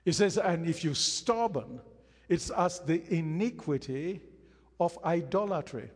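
A man's voice: on the high side, animated, unhurried, breathy edge. A man preaching a sermon as pastor of his church, emphatic, repeating phrases and acting out quotes. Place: church hall. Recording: hall reverb.

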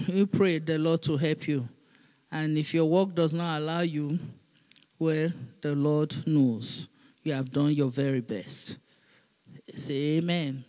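A woman's voice: low-pitched, a little mellow. A woman pastor preaching a sermon, reading scripture aloud and calling on the congregation to repeat after her. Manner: reads scripture aloud, pausing for responses. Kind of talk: sermon with call-and-response.

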